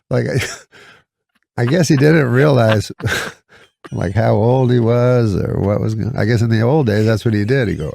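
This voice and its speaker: A man with a low, very gravelly voice tells a long story in an unhurried, deadpan way. He stumbles and restarts often as he rambles. It sounds close and dry, with no room around him. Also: no room sound. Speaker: comedian guest. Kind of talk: casual storytelling on a podcast.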